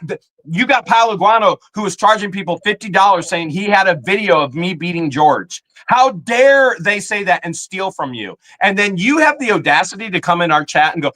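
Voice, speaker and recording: A man's voice: sits high, expressive, normal speed, few pauses, pushed and bright. A man co-hosting a live stream, indignantly scolding people in his chat. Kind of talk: heated live-stream rant.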